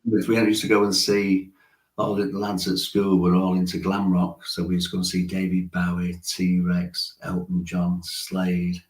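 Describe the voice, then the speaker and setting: Brief: man, 60s, low-pitched storyteller with frequent chuckles, roomy echo. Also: completely flat delivery, a little slow. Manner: chatty storyteller, chuckles often. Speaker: musician guest. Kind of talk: casual interview chat.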